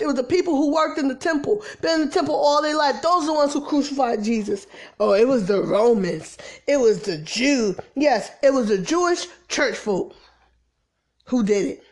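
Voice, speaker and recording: A woman with a voice that sits high preaches an informal sermon. She swings between exasperated emphasis and soft, almost whispered lines.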